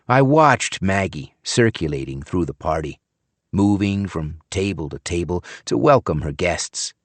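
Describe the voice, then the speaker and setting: A man narrates a first-person audiobook with a wry, expressive delivery. His voice is low and moves animatedly, and the recording is close and completely dry. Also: dry recording.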